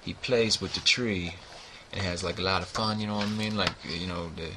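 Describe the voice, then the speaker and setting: A man's voice: low-pitched, fairly even intonation, normal speed, very noisy. A man giving a rambling, profane book review, peppering nearly every line with "you know what I mean.".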